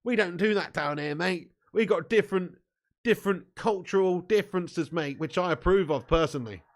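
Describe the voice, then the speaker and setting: Bantering with his chat throughout a live football watch-along, a young man from southern England who hosts a fan channel swears, laughs frequently and calls everyone mate. His voice is high-pitched and his pace moderate.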